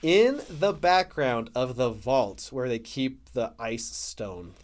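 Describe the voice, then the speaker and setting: A man co-hosting a relaxed film discussion podcast. His voice sits at an ordinary pitch, and he talks in chatty bursts with quick asides and frequent laughter. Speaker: podcast co-host.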